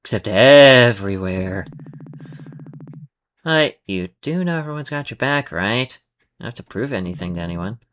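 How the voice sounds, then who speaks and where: A man's voice: on the low side, animated, moderate pace, long pauses, fairly bright tone, slight background noise. A man voicing an upbeat, cocky young adventurer with a breezy, encouraging manner, with faint music behind.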